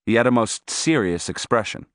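A man narrating a first-person story in an expressive, scripted reading. His pitch moves a great deal from line to line. The recording is dry and close, with no room sound. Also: moderate pace, no echo. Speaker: audiobook narrator.

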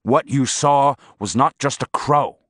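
A man voicing a stern, teasing older male teacher in an audiobook, speaking severely and gruffly. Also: mid-range voice, measured pace, a bit bright, no echo, clean studio sound. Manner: severe and gruff, then mocking.

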